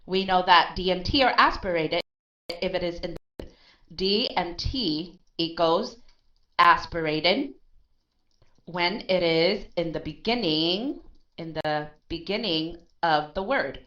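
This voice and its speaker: Speaking unhurriedly in a somewhat low, slightly bright voice, a woman animates a recorded online pronunciation lesson. She breaks everything into steps, ends phrases with "okay," and raises questions only to answer them herself. Sound quality is dull and lo-fi.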